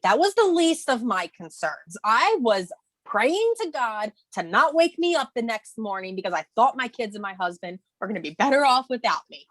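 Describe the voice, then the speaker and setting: A woman's voice: on the high side, a bit bright, no room sound. Woman, thirties, video call co-host, candid, emotional, emphatic bursts, dry sound. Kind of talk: casual motivational chat.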